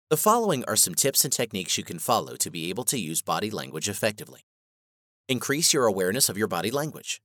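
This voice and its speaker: A man reading a scripted instructional narration in a measured, even way. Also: fairly low pitch, dry recording, studio quality.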